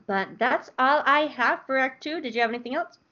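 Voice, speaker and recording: A young woman hosting a podcast, recapping a TV episode in a casual, animated way full of likes. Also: high-pitched, brisk, muffled recording. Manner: animated, bubbly, lots of likes. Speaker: podcast host.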